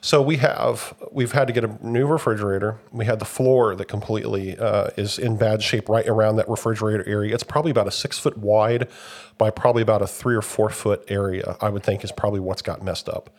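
A young man co-hosting a podcast, a little hoarse as he gets over covid, telling rambling stories in a casual chat. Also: lowish voice, brisk. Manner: rambling storyteller, animated when retelling events. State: recovering from covid, slightly hoarse. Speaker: podcast co-host.

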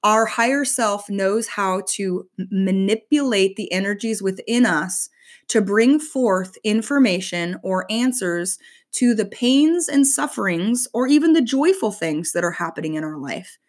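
A middle-aged woman giving a casual spiritual teaching talk, chatty and animated, with playful asides. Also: mid-range voice, unhurried.

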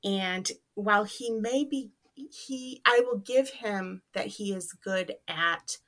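A woman's voice: medium pitch, slow pace, fairly bright tone. A woman co-hosting a podcast, chatting casually and thoughtfully with frequent fillers and hedges. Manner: thoughtful, hedging with many fillers. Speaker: podcast co-host. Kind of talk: casual fan discussion.

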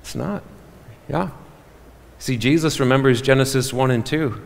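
A man preaches a sermon to his congregation, animated and quick to joke. His voice sits at an ordinary pitch for a man. A long reverb trails each phrase around the church hall. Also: vocal fry. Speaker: pastor.

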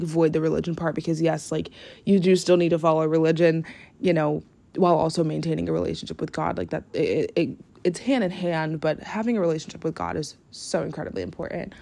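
A woman's voice: low-pitched, vocal fry, a little mellow. A young woman hosting her own podcast, chatting casually and earnestly, rambling with lots of "like" and "um". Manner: rambling, heavy use of "like", earnest and grateful. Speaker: podcast host. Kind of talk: casual solo podcast chat. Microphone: podcast mic, no camera.

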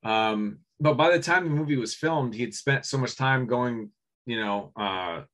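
A man co-hosting a casual movie podcast, rambling with many restarts and frequent throat clearing. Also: medium pitch, unhurried, fairly bright tone. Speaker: podcast co-host. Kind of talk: casual chat about movies.

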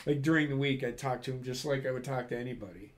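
A man's voice: medium pitch, quick pace. A man, an army veteran, telling a long story in casual, profane chat, acting out other people's words. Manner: profane, rambling, acts out quoted people.

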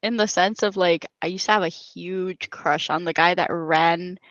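A woman's voice: fairly low pitch, steady tone, fairly bright tone, no room sound. Woman on a dull lo-fi mic. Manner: candid, quick confessional asides. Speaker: podcast co-host. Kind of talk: casual chat.

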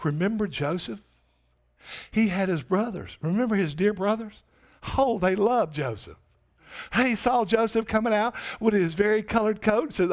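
A man's voice: sits high, a little slow, long pauses. A man pastor delivering a sermon in emphatic preaching that swells on repeated questions.

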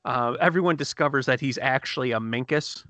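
A man co-hosting a casual podcast, excitedly retelling TV scenes with quick laughs and restarts. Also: mid-range voice, dry recording. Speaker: podcast co-host reviewing TV episodes. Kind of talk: casual chat.

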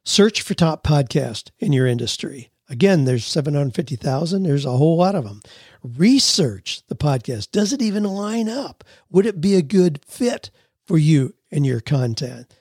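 A man's voice: fairly high pitch, animated, normal speed, darkish tone, husky, no room sound, studio quality. Folksy, earnest man hosting a podcast. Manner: folksy, earnest, gives step-by-step tips. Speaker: podcast host. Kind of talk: solo advice podcast, answering listener questions.

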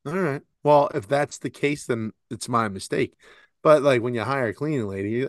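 A man's voice: mid-range voice, normal speed, no echo, studio quality. A man in his forties co-hosting a podcast, telling stories in a rambling, laughing, profane way. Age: 40s. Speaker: podcast co-host. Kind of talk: casual chat.

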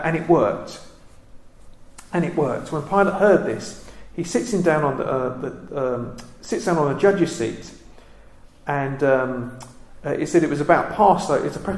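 Guy doing a bible study, lots of ums, kinda high voice, roomy echo. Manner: reflective, halting with many ums and restarts. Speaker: Bible teacher.

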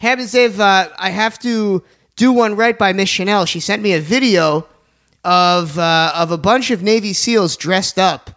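A man's voice: high-pitched, fairly bright tone. A man hosting a casual radio talk show, joking around and plugging sponsors. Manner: jokey, plugs sponsors, fast asides.

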